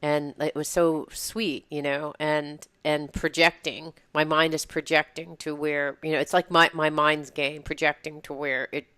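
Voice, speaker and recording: A woman's voice: low-pitched, flat delivery, unhurried, few pauses, fairly bright tone, clear, resonant tone, no echo. A woman host in casual chat, talking reflectively and meandering with many fillers.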